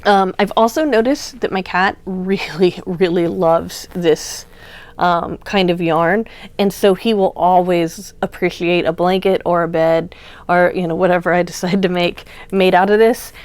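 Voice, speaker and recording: A woman's voice: fairly low pitch, steady tone, measured pace, a little mellow, no room sound. A woman hosting a craft channel, chatting casually and gushing as she shows off yarn, with plenty of fillers. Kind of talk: casual unboxing chat.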